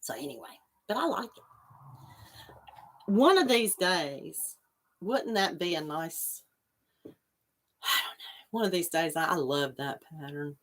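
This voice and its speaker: A woman hosts a relaxed livestream and chats with viewers as she goes. She rambles easily from one thought to the next and stops to answer comments as they come in. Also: deep voice, slow, long pauses. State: coughing after choking on water. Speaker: livestream host. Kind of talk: casual chat with live viewers.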